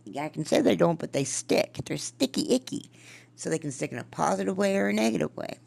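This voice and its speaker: A woman podcast host reading from her own journal and musing on it in a casual, rambling way, with a gravelly fry in her voice. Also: on the low side, lively intonation, brisk, a little mellow. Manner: rambling, musing, trails off and restarts.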